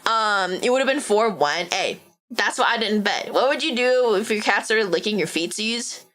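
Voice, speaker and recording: A woman's voice: mid-range voice, moderate pace. A young woman with a Valley Girl accent, chatting casually as a live-streaming VTuber and peppering her talk with "like". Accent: Valley Girl Californian. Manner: chatty, heavy use of "like", animated.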